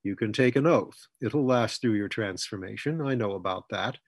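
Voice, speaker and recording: A man voicing Fletcher, a calm, firm older mentor who talks in a measured, persuasive way. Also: on the low side, no echo.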